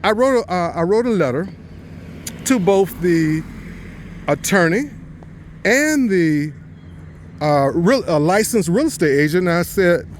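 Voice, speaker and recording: A man, a real estate investor, telling a story about a deal, speaking deliberately and stressing key words as he quotes the people involved. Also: sits high, expressive, slight background noise.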